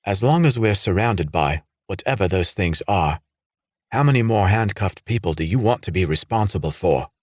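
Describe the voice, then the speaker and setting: A man voicing a level-headed geologist who reasons calmly to defuse a standoff, in an audiobook. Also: low voice, dry recording, clean studio sound. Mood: reasoning. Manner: measured, reasoning. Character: calm diplomatic male geologist.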